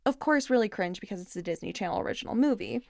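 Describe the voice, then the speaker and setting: A woman's voice: mid-range voice, animated, gravelly, dry recording. Chatty woman hosting a podcast, dry sound. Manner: chatty, quick to agree, mimics characters in quotes. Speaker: podcast host. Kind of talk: casual chat.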